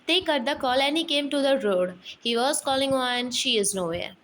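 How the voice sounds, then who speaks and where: A woman's voice: high-pitched, expressive, moderate pace, a bit bright, low-quality recording. A woman narrating a fan fiction story in plain, simple sentences with grammar slips.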